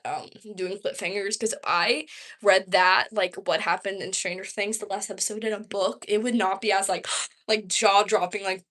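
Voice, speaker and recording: A woman's voice: medium pitch, fairly bright tone. A young woman from Georgia in the United States, rambling casually at home on a livestream, answering viewer questions with lots of "like". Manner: rambling and chatty, heavy use of "like". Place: her home.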